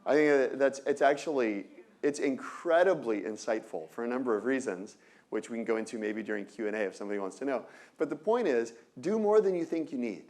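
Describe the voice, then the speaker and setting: A man giving an energetic lecture on innovation to an audience, often asking rhetorical questions and breaking off into quick asides. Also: medium pitch. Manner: energetic, peppered with rhetorical "right?"; asides and self-corrections.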